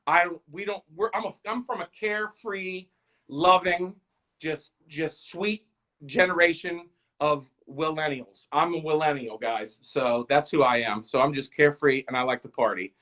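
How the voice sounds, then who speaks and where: A man's voice: on the high side, normal speed, sharp tone, rough recording. Rambling joking man in his thirties. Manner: joking, rambling, self-deprecating, addresses viewers as "guys". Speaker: comedian hosting a live stream. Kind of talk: rambling stand-up style chat.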